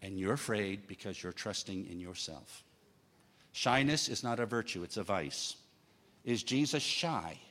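A man's voice: fairly low pitch, lively intonation, a little slow, sharp tone. A man preaching a sermon, emphatic, with humorous asides.

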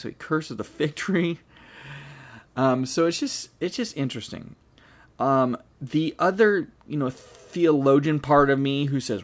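A man leads a Bible study in an easygoing, conversational manner. His voice sits at an ordinary mid pitch. He reads verses aloud, then thinks them through out loud, often stopping to restart a thought. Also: moderate pace. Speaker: Bible teacher. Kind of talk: casual Bible study teaching.

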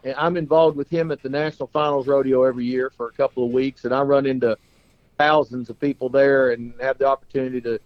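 A man's voice: medium pitch, fairly even intonation, quick pace, no room sound, highs cut off. A man, a rodeo performer, talking casually and telling stories in a folksy way, often repeating himself. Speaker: guest, rodeo singer and performer. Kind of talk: casual storytelling talk.

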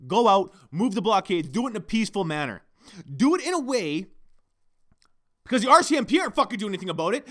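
A man's voice: high-pitched, very animated, fast, a bit bright. A man hosting a solo podcast, ranting heatedly and swearing constantly into his microphone. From Canada. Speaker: podcast host.

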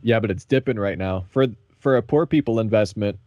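Laid-back profane Southern man, low voice. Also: fairly quick, darkish tone, no echo, lo-fi sound. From American South. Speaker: podcast co-host. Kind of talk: casual chat.

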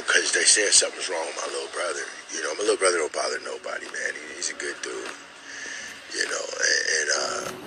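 A young man tells a personal story in a halting, earnest way, repeating words and using many fillers. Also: a bass voice, pushed and bright, slight background noise, poor audio. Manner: earnest and emotional.

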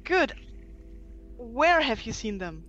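A woman's voice: fairly high pitch, very animated, slow, fairly bright tone, faint music behind. A woman player in a casual tabletop game, chatty and full of questions, heard over dull lo-fi audio.

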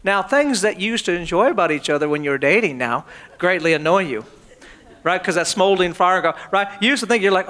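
A man's voice: high voice, expressive, a little fast, bright, forceful tone. A man preaching a sermon with humor, acting out everyday household scenes as he tells them. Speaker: pastor.

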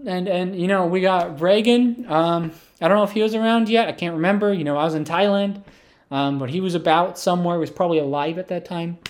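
A man's voice: sits high, brisk. A man telling an absurd comedic story in a rambling, filler-heavy way.

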